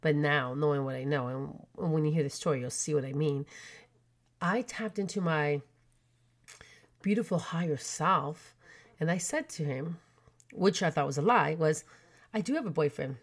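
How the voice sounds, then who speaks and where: A woman in her forties from Canada, telling personal stories in a chatty, animated way with many fillers. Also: sits low, a little slow. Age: 40s. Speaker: podcast host. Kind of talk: storytelling chat.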